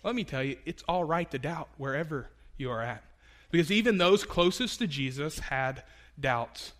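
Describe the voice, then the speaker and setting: A man preaches a sermon with a bright, ringing voice, pitched a little high for a man. He talks conversationally, with fillers and restarts, and leans into his points with lively emphasis. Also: moderate pace. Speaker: pastor.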